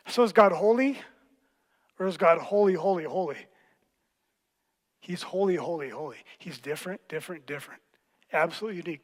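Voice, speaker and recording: A man preaching a sermon as pastor, teaching in a playful, animated way with quick jokes. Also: high-pitched, in a large hall. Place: church hall.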